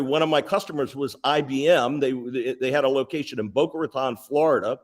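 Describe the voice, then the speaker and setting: Older guy spinning sales stories, animated, lots of detail. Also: mid-range voice. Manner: animated, anecdotal, lists details. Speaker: guest sales executive. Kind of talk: storytelling interview answers.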